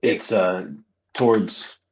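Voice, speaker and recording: A player in a tabletop game, speaking hesitantly with many pauses. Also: low voice, steady tone, dull audio, slight background noise.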